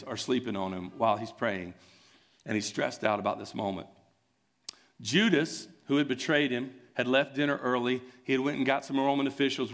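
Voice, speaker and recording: A man preaching a sermon, retelling a scene in an earnest, conversational way. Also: medium pitch. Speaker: pastor. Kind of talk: sermon storytelling.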